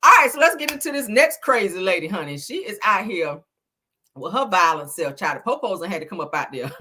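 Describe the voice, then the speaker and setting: Chatty woman host, husky, bright, lively swoops in pitch. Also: a little fast. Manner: animated, laughing, calls audience child and honey. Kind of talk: casual celebrity news chat.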